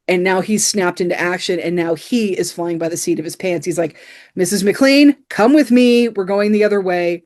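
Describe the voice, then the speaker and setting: A woman with a lowish, slightly mellow voice co-hosts a podcast and informally reviews a film. She retells it scene by scene, leaning on frequent "you know" fillers.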